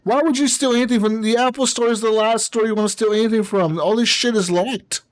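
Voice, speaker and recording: A man's voice: sits high, steady tone, fast talker, dry recording. Man hosting a casual gaming podcast. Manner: swears a lot, rambling, laughs often. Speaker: podcast host. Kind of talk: casual chat.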